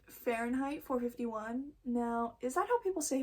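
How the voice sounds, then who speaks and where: Here a fairly high-pitched young woman talks at normal speed with few pauses, showing her books in a casual haul video. She's chatty and a bit nervous, a first-time vlogger who rambles, cuts herself off, and often loses track of what she was saying.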